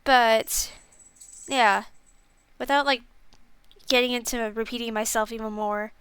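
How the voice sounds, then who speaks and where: A woman's voice: a little high, steady tone, a little slow, a bit bright, clear, resonant tone, dry recording. A young woman streamer chatting casually about a game she played, rambling and self-deprecating with lots of fillers. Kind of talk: casual game review chat.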